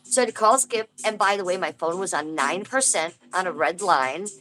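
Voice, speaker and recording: A woman's voice: on the low side, a little fast, a bit bright, poor audio. A woman chatting casually to viewers on a livestream from home over a phone, rambling through a complaint and greeting people by name. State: aching tooth. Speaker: livestream host.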